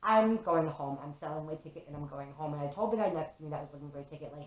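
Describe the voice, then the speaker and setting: A young vlogger recounts a story to camera at a quick pace with few pauses, cursing a lot and dropping "like" constantly. She's animated, her voice slightly low for a woman, and the echoey room rings around her.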